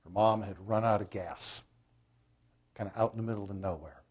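A man's voice: lowish voice, moderate pace, darkish tone, breathy edge, dull audio. A man preaching a sermon as a pastor, telling a story in a conversational way and putting questions to the congregation.

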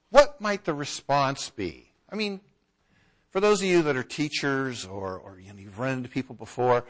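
A man's voice: medium pitch, fairly bright tone. A man preaching a conversational sermon and now and then acting out the voices of townspeople.

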